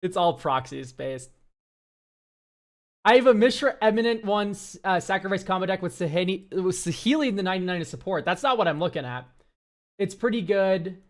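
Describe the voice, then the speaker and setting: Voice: mid-range voice, lively intonation, brisk. A streamer who reviews viewer decks, talking casually to chat, ranting and swearing freely.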